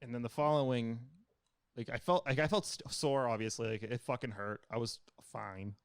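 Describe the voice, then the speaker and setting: A man's voice: mid-range voice, normal speed, smooth, dry recording, studio quality. A young man co-hosting a podcast, telling a rambling, profane story in casual chat. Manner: storytelling, profane, animated retellings. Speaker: podcast co-host.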